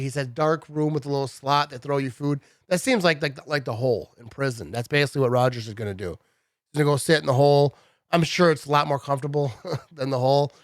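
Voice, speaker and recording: A man in his thirties giving a casual, animated sports rant to his viewers, full of "bro" and "dude". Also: on the high side, clean tone, no echo, clean studio sound. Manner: animated, chatty, says "bro" and "dude" a lot. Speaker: sports vlogger.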